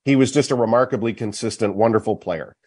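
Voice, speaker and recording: A man's voice: medium pitch, fast talker, darkish tone. A man hosting sports talk at a golf charity event, making an emphatic case point by point. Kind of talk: opinionated hockey talk.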